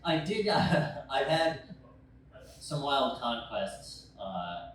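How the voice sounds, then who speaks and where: A young adult man telling a rambling, profane stand-up story, acting out scenes with sudden shouted quotes. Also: medium pitch, very animated, extremely slow, slight background noise. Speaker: stand-up comedian. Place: bar stage. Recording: echoey bar room from far off.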